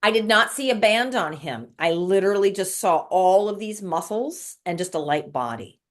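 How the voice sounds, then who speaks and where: A woman's voice: mid-range voice, lively intonation, normal speed. A woman guest telling an emotional spiritual story in casual conversation, repeating words as she recounts it. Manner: emotional, repetitive, breathless recounting.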